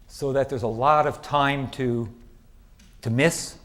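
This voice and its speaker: A middle-aged man giving a conference lecture in a lively, chatty way, asking the audience questions. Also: medium pitch, takes it slowly. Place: lecture hall.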